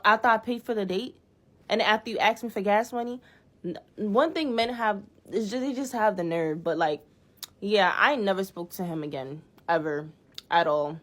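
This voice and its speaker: A young woman from New York telling a bad date story in a casual, animated, profane way, speaking into a phone mic. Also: medium pitch, moderate pace.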